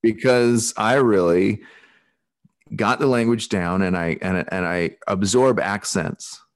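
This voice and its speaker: A man's voice: lowish voice, slow, no room sound, clean studio sound. A man from Alaska with a Pacific Northwest accent, hosting a podcast over a video call in a rambling, casual way, with lots of restarts. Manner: rambling, with many restarts and easy laughs. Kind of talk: casual chat.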